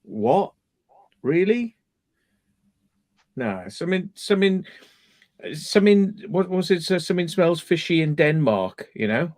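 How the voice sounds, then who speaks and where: Ranting man, higher voice. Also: very animated, unhurried, pauses often, a little mellow. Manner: ranting, swears freely, mimics voices. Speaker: live stream host. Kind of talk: casual chat.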